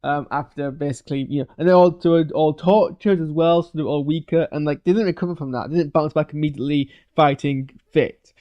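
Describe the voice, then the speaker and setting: A man giving a loose, hesitant live reaction to a TV episode, full of fillers and restarts, with sudden bursts of excitement. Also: fairly high pitch, brisk, few pauses, highs cut off. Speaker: video reviewer. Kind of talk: live post-watch reaction.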